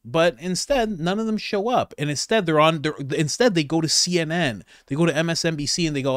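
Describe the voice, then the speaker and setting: A man hosting casual political commentary, sarcastic and animated, rambling and restarting his sentences. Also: a little high, brisk, hardly any pauses, dry recording, studio quality. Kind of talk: casual commentary on news clips.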